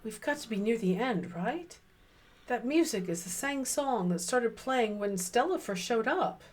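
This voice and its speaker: A woman's voice: a little high, animated, measured pace. A woman streamer chatting casually as she plays a horror visual novel, reacting aloud and musing on the story. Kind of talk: casual let's-play chat.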